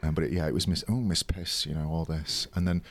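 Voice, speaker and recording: A man's voice: very deep voice, level tone, quick pace. A man in his thirties, a drag performer telling stories as an interview guest, chatty and hesitant with many ums and restarts. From United Kingdom. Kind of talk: casual interview storytelling.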